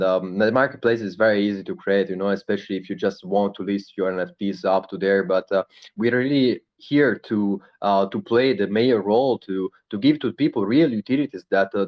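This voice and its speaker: A man with an Italian accent works his way through an answer in careful, halting English, stopping often to find the words. His voice sits a little low. The audio is dull and lo-fi, as on an online call. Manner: halting, searching for English words, many fillers. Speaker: project founder answering questions. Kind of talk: casual live Q&A talk.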